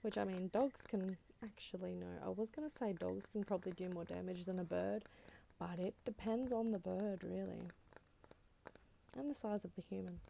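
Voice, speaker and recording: An Australian woman chatting in a soft-spoken ASMR style, rambling and slipping in and out of a whisper. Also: medium pitch, moderate pace, creaky, a little hiss or hum. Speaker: ASMR creator.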